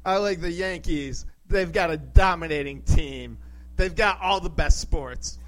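A man playing a deadpan young bro who delivers grandiose, pseudo-philosophical musings in an improvised comedy bit. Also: on the high side, unhurried, natural voice, rough recording.

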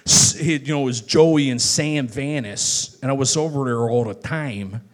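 A man's voice: mid-range voice, moderate pace. A man from Chicago, a guest on a live stage show, telling stories in a rambling, casual way with lots of filler words. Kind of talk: casual onstage chat. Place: live show at a bar venue.

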